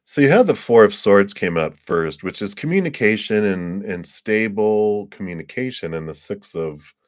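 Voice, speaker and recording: Low-voiced chatty man reading tarot. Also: lively intonation, moderate pace, no echo, clean studio sound. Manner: casual and chatty, laughs often, fond of filler words; acts out little scenes in quoted voices. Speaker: tarot card reader. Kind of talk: live-streamed card reading.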